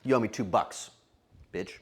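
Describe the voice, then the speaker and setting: A man with a lowish, slightly breathy voice talks at a moderate pace as he cooks on stream. He keeps things casual with his viewers, trading playful jokes with the chat.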